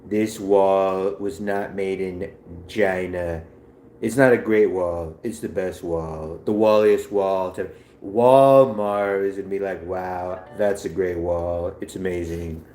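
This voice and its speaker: Man impersonating a bragging politician, slow emphatic boasts, low voice, roomy echo. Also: fairly even intonation, dark tone, slight background noise. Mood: boastful.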